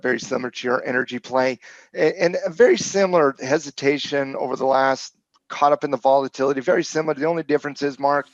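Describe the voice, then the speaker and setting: A man co-hosting a trading show as a coach, talking casually about charts in a joking, halting way with many restarts. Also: mid-range voice, no room sound, muffled recording. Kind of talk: casual market chat.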